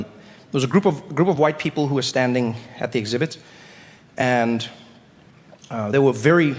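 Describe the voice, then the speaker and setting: A man from South Africa performing stand-up comedy, telling stories in a playful, animated way on a large stage. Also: mid-range voice. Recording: long hall reverb, faint noise.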